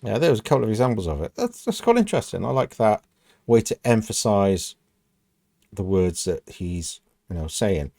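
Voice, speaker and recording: A man's voice: on the low side, sing-song, normal speed, vocal fry, warm tone, dry recording, clean studio sound. A British man from the UK hosting a reaction video, chatting casually and thinking aloud with lots of "you know.". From United Kingdom.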